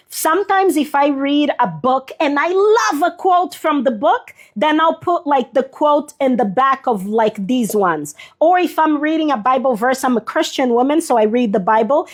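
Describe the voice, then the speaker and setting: Chatty high-voiced woman hosting a livestream. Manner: chatty, answers viewer comments by name. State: sniffling. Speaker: journaling livestream host. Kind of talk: casual live craft demonstration.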